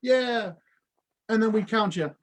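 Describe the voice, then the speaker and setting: A man's voice: sits high, slow. Friendly man explaining swim safety. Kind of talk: explaining water safety to kids.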